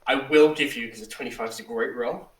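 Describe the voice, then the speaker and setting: A man narrating a tabletop game as game master, relaxed, with frequent ums, slowing down for dramatic description. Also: mid-range voice, far from the mic. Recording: echoey room, off the mic.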